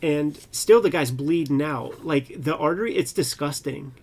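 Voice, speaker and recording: Animated, profane cartoonist co-host. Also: male voice, on the high side, normal speed, husky. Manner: animated, loose and profane, with slangy asides. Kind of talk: casual chat about comics.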